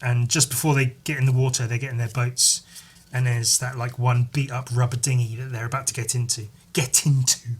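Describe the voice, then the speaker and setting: A man hosting a solo podcast, rambling in casual chat, swearing freely and filling pauses with "like" and "um". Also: medium pitch, level tone. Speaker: podcast host.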